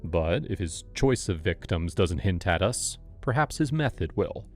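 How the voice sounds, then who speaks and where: A man narrating a scripted true-crime story in a measured, explanatory way. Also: low voice, lively intonation, a little mellow, faint music behind.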